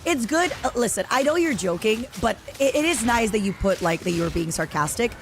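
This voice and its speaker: A young woman with an Eastern European accent streams a game live, reacting excitably and chatting with viewers. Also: fairly high pitch, a little fast, slight background noise. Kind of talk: live gaming stream chat.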